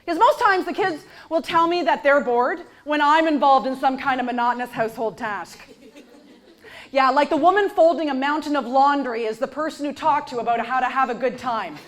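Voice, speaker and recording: A woman performing a stand-up comedy set on stage, with a punchy, sarcastic delivery and deadpan asides. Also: sits high, normal speed. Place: comedy stage before a live audience. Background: audience laughter.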